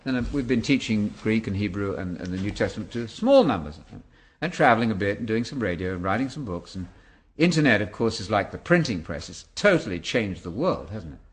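A man's voice: lowish voice, a little fast. A man in his seventies, a Bible teacher answering interview questions in an emphatic, preacher-like way. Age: 70s. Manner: animated, emphatic preacher-like delivery.

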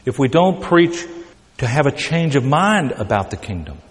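A man's voice: mid-range voice, very animated, normal speed, in a large hall. A man preaching a sermon in a conversational but emphatic way, often repeating words as he builds a point.

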